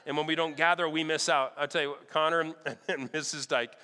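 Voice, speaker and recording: A man preaching a sermon, telling lively stories in an animated way and checking in with his listeners again and again. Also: a little high, fairly quick. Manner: animated, checks in with "all right?" often. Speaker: pastor. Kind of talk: storytelling sermon. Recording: long hall reverb.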